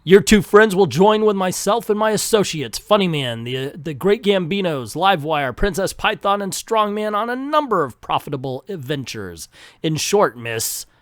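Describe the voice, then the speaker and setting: A man voicing a scheming male circus villain who speaks slowly and grandly. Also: high-pitched, big pitch swings, a bit bright, no echo, clean studio sound. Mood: gloating.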